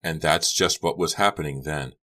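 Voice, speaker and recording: A man narrating an audiobook in a steady, dramatic reading. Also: extremely low pitch, moderate pace.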